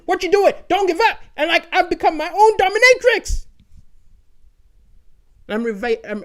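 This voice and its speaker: A man from Malawi delivering a chatty stand-up comedy monologue, animated and often checking in with "right?". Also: high voice.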